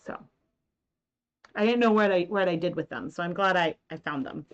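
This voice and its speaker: A woman's voice: lowish voice, animated, normal speed, dull audio. A woman in her thirties hosting a casual knitting live stream from home, talking in a rambling way with many fillers. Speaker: knitting and yarn-dyeing host.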